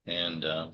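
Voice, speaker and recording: A man in his sixties from the United States, a tarot channel host, talking casually to his viewers in a halting way with many restarts. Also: deep voice, slightly rough, muffled recording. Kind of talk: casual personal talk to viewers.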